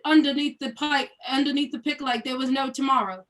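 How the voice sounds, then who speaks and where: A woman's voice: high-pitched, steady tone, fairly bright tone, recorded from a distance. A woman reading the part of a blunt young London woman who is teasing her best friend, in a put-on British accent, during a cold reading of a scene. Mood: scolding. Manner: brash, rapid scolding.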